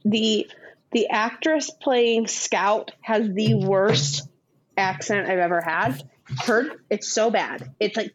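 A woman's voice: medium pitch, breathy edge, poor audio. A woman co-hosting a casual podcast chat, telling stories bluntly and swearing freely. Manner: blunt, swears, animated storytelling. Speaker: podcast co-host.

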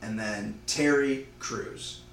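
Guy rambling thru a made-up movie plot, lowish voice, echoey room, mic kinda far, faint hum. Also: creaky. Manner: rambling, acts out lines in quick voices.

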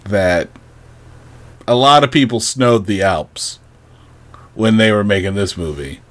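Speaking slowly in a voice on the low side, this podcast co-host rambles through casual chat. He's wry and uses plenty of fillers.

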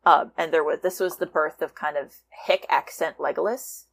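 A woman fanfiction writer talking as a guest in a casual interview, animated and laughing often. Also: low-pitched, normal speed, vocal fry, slightly rough.

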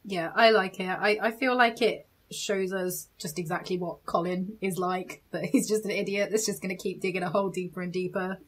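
A woman's voice: lowish voice, fairly even intonation, a little fast, hardly any pauses, fairly bright tone, husky. A British woman chatting casually on a podcast, giving blunt opinions with a laugh. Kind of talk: casual chat.

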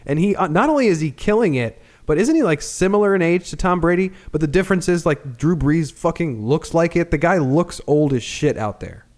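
A man hosting a casual sports podcast, excitable and swearing freely as he talks. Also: fairly high pitch, fairly quick, hardly any pauses. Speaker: podcast host.

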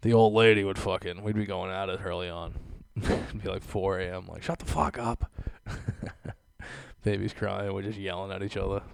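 A young man's low, smooth voice carries a level tone, moderate pace and some vocal fry, with no room sound. As podcast host, he rants casually and sarcastically, cursing frequently and laughing at what he says.

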